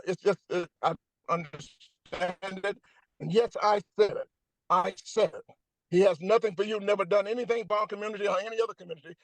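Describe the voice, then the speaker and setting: An older man talks on a video call, joking and emphatic, with a preacher-like rhythm. His voice sits high for a man, and the sound is close and dry. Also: no echo, rough recording. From Atlanta, United States. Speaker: comedian guest. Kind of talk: animated comedic chat.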